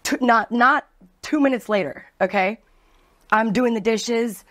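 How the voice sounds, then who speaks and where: A woman bartender, a guest on a talk show, telling casual stories in a chatty, animated way. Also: on the high side, a little slow. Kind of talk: casual storytelling.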